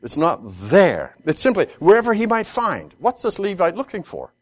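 A man teaching through a scripture passage, acting out the characters' lines and often repeating words while thinking aloud. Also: normal speed. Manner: animated, acts out the characters' lines with rising pitch. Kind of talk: expository Bible teaching.

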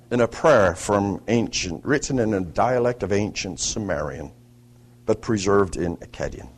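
A man's voice: lowish voice, darkish tone, slightly rough. A man leading morning devotions as a preacher, explaining scripture in a devotional teaching talk with explanatory asides.

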